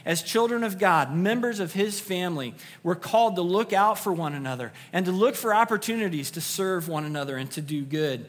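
A man's voice: sits high, animated, brisk, hardly any pauses, fairly bright tone, big-room sound. A man preaching a sermon to his congregation, earnest and emphatic, repeating key phrases for weight. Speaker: pastor. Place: church sanctuary.

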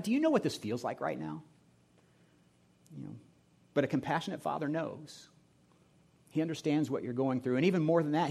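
A middle-aged man from Indianapolis preaching a sermon, telling a personal story in a conversational way and often dropping to a soft, hushed tone. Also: medium pitch. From Indianapolis, USA. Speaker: pastor.

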